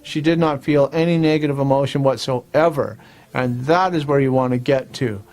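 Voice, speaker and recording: A man hosting a self-help lesson, talking viewers through tapping points and repeating short affirmation phrases in a relaxed, plain-spoken way. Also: mid-range voice, normal speed. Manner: repetitive instructional talk with affirmation phrases. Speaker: host and tapping practitioner.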